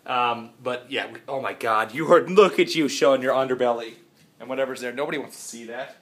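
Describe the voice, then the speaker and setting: A man chatting in a rambling, jokey vlog from his house, still sick, swinging from loud outbursts to mumbles. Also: mid-range voice, fairly quick. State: sick, congested. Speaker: vlogger. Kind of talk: casual vlog chat.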